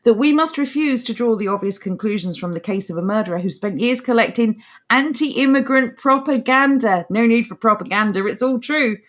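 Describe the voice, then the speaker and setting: A woman's voice: fairly high pitch, lively intonation, a little fast, few pauses. A woman on a podcast, reading articles aloud and answering them with sarcastic, mocking remarks in casual chat. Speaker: podcast co-host.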